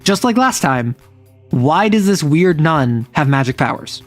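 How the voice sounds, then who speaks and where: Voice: medium pitch, sing-song, unhurried, dry recording, faint music behind. A game master casually recapping a tabletop session, chatty and full of "like.". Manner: rambling, chatty, uses lots of "like".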